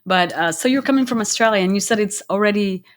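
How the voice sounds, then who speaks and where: A woman's voice: medium pitch, fast talker. A woman hosting an interview podcast, chatty and easygoing, with hesitant restarts as she asks her questions. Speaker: podcast host. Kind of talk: casual interview talk.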